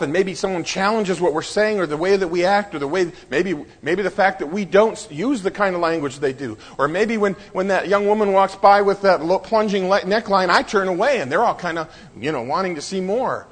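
Man, sermon delivery, high pitch, husky, dramatic pauses, voiced quotes. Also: in a large hall. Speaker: pastor.

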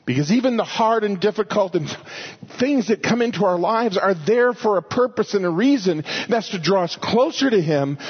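Husky male preacher teaching scripture. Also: high-pitched, lo-fi sound. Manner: explains verses, paraphrases scripture in lively voices, shifts between loud and quiet. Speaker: pastor teaching a Bible study. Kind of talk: sermon.

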